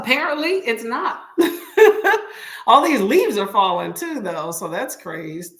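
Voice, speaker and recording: Chatty woman, animated livestream host. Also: fairly high pitch, slow. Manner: chatty, laughs often, greets viewers by name. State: slightly choked up, clearing throat. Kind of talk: casual livestream chat. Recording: echoey room.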